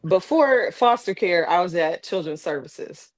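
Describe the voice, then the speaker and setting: A woman's voice: fairly low pitch, unhurried, no room sound. A woman with an Ohio accent, a former social worker telling stories casually on a podcast, acting out the voices of the people in them. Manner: animated, acts out voices in her stories. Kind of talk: casual storytelling. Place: podcast studio.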